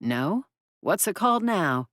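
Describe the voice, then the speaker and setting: A woman's voice: on the low side, sing-song, unhurried, a bit bright, no echo, studio quality, voice pushed up. A woman voicing a blunt woman warrior with a matter-of-fact, dryly teasing way of talking.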